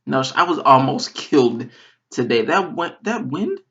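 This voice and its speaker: A young man from Georgia in his twenties, telling a funny story in a vlog, animated and full of swearing. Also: medium pitch, normal speed. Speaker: vlogger. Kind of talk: comic storytelling. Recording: dull, slightly distant recording.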